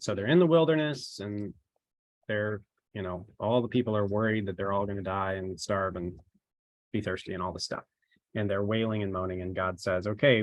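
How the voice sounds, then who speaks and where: A man's voice: on the low side, no echo. A man as a trainer, giving an informal, rambling talk to his team and tossing in rhetorical questions. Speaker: ministry marketing trainer.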